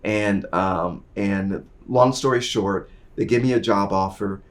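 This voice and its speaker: A middle-aged man telling his career story in an interview, acting out the people in it and swinging from quiet asides to loud, excited bursts. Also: takes it slowly. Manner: animated, acts out dialogue, swings from low asides to loud bursts. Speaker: interview guest.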